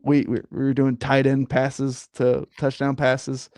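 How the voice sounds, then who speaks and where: A man talks sports on a casual podcast, rambling through fillers and then heating up with emphatic asides. His voice sits at an ordinary middle pitch. The sound is dry and close, with no room echo. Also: completely flat delivery, measured pace, darkish tone. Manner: rambling, frequent fillers, gets fired up. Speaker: podcast host.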